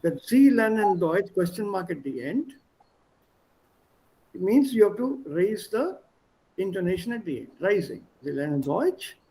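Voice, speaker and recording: High-voiced man teaching German. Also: big pitch swings, unhurried, pauses often, mellow, low-quality recording. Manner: explanatory, mixes English, German and Hindi. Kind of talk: online language lesson. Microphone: video call.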